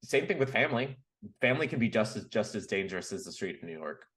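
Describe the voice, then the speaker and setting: A man's voice: on the low side, very animated, fast, a bit bright. A man co-hosting a podcast, chatting casually and rambling with lots of filler words. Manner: rambling, uses many likes. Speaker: podcast co-host. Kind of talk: casual chat.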